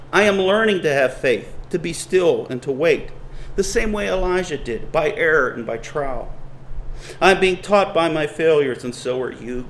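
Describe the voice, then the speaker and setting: A man's voice: a little high, a little hiss or hum, rough recording. A man preaching a sermon, earnest and building emphasis as he reads scripture.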